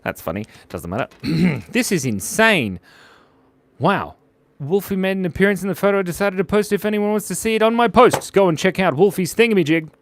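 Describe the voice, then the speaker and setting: A man's voice: high-pitched, lively intonation, fairly quick. A man hosting a live drawing stream, chatting playfully with viewers and reading out their comments. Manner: playful, chatty, reads out viewer comments, often drops to a mumble while drawing. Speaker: livestream drawing host.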